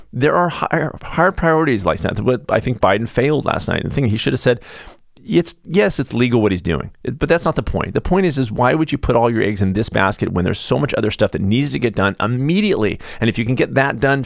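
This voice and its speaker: A gravelly-voiced, middle-aged man hosts a podcast, delivering an animated casual monologue riddled with restarts. He mocks others in abrupt high voices, and the recording is dry, with clean studio sound.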